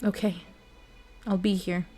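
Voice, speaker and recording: A woman reading a quiet, kind male god. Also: on the low side, flat delivery, slow pace, husky, faint music behind. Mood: gentle. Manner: quiet and gentle. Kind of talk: storybook reading.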